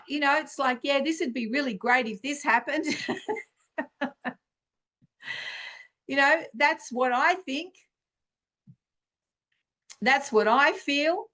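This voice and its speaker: With a high-pitched, slightly bright voice, a middle-aged podcast host shares spiritual teaching informally. Her delivery is relaxed and conversational, and she frequently clears her throat.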